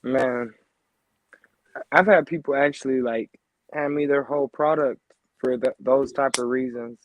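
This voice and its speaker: A man's voice: medium pitch, steady tone, unhurried, dull audio, slight background noise. A man in casual chat, laid-back and profane, mostly giving short agreeing replies.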